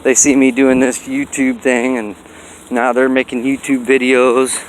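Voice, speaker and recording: A man's voice: mid-range voice, level tone, unhurried, slight background noise, rough recording. A man vlogging outdoors by a busy road, in a rambling, folksy way with lots of fillers. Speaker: dog breeder vlogger. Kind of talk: casual walking vlog.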